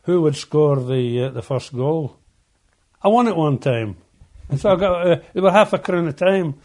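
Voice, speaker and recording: Older ex-miner, halting chatty storyteller. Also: male voice, on the high side, animated, a little mellow. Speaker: former coal miner. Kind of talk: oral history reminiscing.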